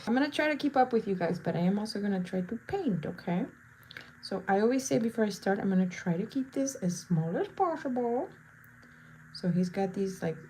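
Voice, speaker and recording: A woman's voice: medium pitch, a little mellow. Brief: bubbly woman face painter, thirties, chatty live-stream host, faint hiss behind. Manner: bubbly, chatty, playful asides. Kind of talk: casual live-stream chat while painting.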